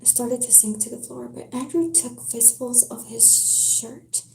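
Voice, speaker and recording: Slow whispering woman reading a book. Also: fairly high pitch, creaky. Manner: soft whisper, slow and careful. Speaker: live-stream book reader. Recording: roomy echo, faint hiss, dropping stream.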